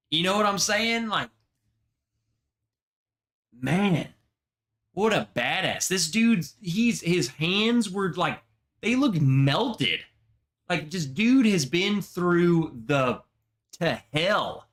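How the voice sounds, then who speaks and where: A man hosting a casual livestream chat, telling a story in a slow, emotional, slangy way, close to tears. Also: high voice, animated, fairly bright tone. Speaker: livestream host.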